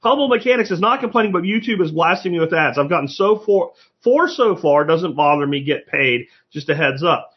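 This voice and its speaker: A man with a fairly high voice hosts a casual live-stream podcast. He talks bluntly and swears freely. The audio is dull and lo-fi. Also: expressive, fairly quick, few pauses. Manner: blunt, profane ranting. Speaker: podcast host.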